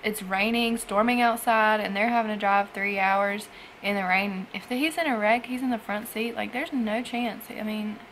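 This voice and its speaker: Halting, gravelly-voiced young woman vlogging. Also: mid-range voice, steady tone, a bit bright, a little hiss or hum, poor audio. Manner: tearful, halting, trails off with sighs. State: emotional after crying. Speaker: foster parent vlogger. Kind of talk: emotional personal vlog.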